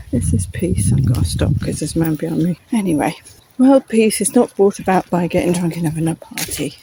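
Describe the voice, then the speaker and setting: A UK vlogger walks through the countryside, talking to camera in a rambling monologue and chatting to her dog between frequent little laughs. Her voice is mid-range with a dark tone, and the poor audio carries some hiss or hum.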